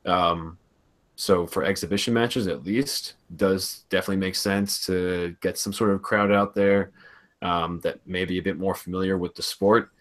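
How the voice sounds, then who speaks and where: Very low voiced guy chatting on a sports podcast, laid back, explains stuff. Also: steady tone, moderate pace, fairly bright tone. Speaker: podcast co-host. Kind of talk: casual sports podcast chat.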